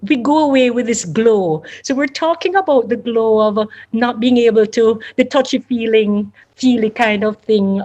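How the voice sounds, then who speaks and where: A woman's voice: on the high side, darkish tone. A woman giving an informal, chatty thank-you speech, joking at her own expense. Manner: chatty, self-deprecating, thankful. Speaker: guest speaker.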